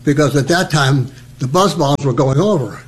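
A man's voice: on the high side, normal speed. Chatty elderly man telling stories. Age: older. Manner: chatty and humorous, acts out quoted voices. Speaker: veteran interviewee. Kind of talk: personal storytelling.

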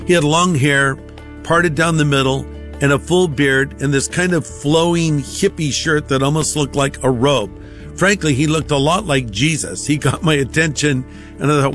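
A man's voice: on the high side, normal speed, fairly bright tone, faint music behind. A male pastor telling a personal testimony in a conversational sermon style, acting out the voices of others. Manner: conversational, acts out quoted voices.

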